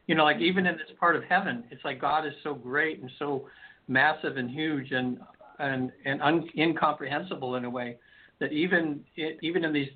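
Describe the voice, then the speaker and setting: A man's voice: a little high, normal speed. A male hypnotherapist guest on a call-in radio show, telling stories in a rambling way with many restarts. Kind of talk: storytelling in a call-in radio interview. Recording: phone-like lo-fi line.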